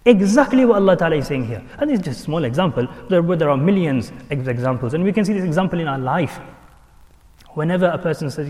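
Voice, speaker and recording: A man's voice: high voice, very animated, racing, a little mellow. A man giving an earnest sermon, repeating his points and mixing in Arabic and Urdu terms. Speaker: Islamic preacher. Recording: long hall reverb.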